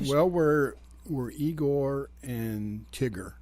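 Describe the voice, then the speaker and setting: A man, a police lieutenant guest on a radio show, talking calmly in casual chat. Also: mid-range voice, dry recording. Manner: calm, unhurried speaker. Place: radio studio.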